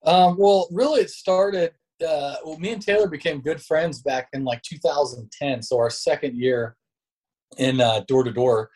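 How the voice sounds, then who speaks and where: A man's voice: a little high, a little slow, darkish tone, breathy edge. A man guesting on a podcast as a sales leader, telling stories in a loose, slangy way. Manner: laid-back, slangy, says bro and dude. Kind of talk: casual storytelling interview talk.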